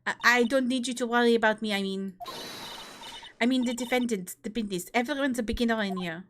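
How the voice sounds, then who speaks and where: A woman's voice: fairly high pitch, quick pace, fairly bright tone, slight background noise, close to an everyday voice. A woman voicing a nervous young female defense attorney who stammers and fumbles her words. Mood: flustered. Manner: stammering, flustered.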